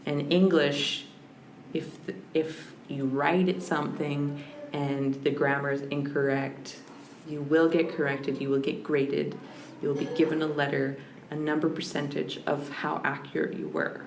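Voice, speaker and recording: In a reflective conversational interview on a podcast, a female language scholar talks in a searching way, restarting her sentences frequently. Her voice is low-pitched and level, a little slow. The recording has a roomy feel with faint background hiss.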